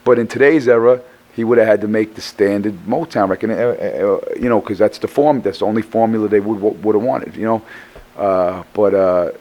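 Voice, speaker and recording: A middle-aged man with a low, worn voice, tired and hoarse after performing. He rambles through a casual interview, stammering and restarting phrases and swearing freely. His pitch sits low throughout. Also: steady tone, a little fast, a little mellow. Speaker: rapper guest.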